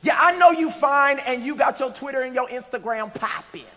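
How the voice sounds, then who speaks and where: A man with a high voice preaches a sermon in a church. He tells stories and builds to shouted, sing-song lines. His voice rings out with a long hall reverb. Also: moderate pace, slight background noise.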